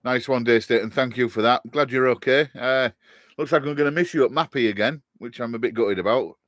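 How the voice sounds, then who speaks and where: A man's voice: mid-range voice, a little fast, a bit bright, dry recording, clean studio sound. A man, a bit tipsy, chatting casually on a live stream from his shed and greeting viewers by name. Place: garden shed.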